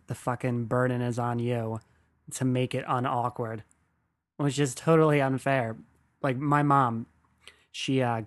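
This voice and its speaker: A man hosting his own podcast, telling stories in a loose, rambling monologue. He swears freely and pokes fun at himself as he talks. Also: medium pitch. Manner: rambling, profane, self-deprecating. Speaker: podcast host. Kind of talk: casual comedic monologue.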